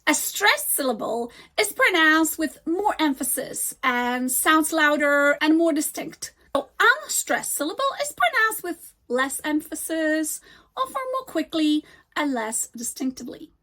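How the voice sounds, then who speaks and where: A woman teaching an English grammar lesson, slowly and deliberately modeling example words. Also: high voice, sing-song, sharp tone.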